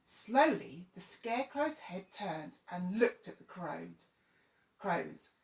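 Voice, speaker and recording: A woman's voice: medium pitch, measured pace, recorded from a distance, background noise. Woman reading a story in an echoey room. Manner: expressive, lively reading. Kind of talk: reading a children's story aloud.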